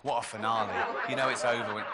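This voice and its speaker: Dry, chuckling English comedian. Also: male voice, mid-range voice, little pitch movement, fast talker, in a large hall, crowd noise. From England. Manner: dry, sardonic, chuckling at his own jokes. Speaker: stand-up comedian. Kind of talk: stand-up comedy set.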